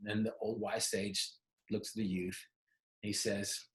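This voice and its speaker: An emphatic male motivational speaker tells a story and puts questions straight to the listener. His voice sits fairly low. The room around him rings with echo. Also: level tone, measured pace, a bit bright. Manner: emphatic, asks the audience questions directly. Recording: roomy echo.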